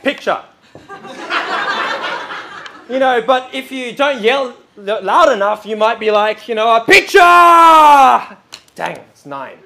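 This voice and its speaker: A man preaching a sermon in a lively, chatty way, with lots of "you know" and "um" fillers. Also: sits high.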